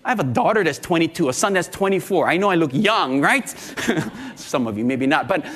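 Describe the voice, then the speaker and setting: Middle-aged pastor, sermon delivery, high voice, animated storyteller. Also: male voice, normal speed.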